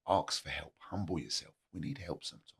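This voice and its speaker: A man's voice: lively intonation, a little fast. A man talking candidly as a podcast guest, earnest and plain-spoken, driving his points home by repeating them. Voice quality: gravelly husky low voice. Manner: earnest and motivational, plain-spoken, uses repetition. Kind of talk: candid conversational storytelling.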